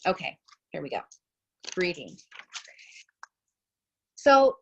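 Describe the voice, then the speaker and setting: A woman in her thirties, a fitness instructor, giving a chatty, encouraging group talk and coaching listeners through deep breathing. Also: sing-song, takes it slowly, muffled recording, noisy background.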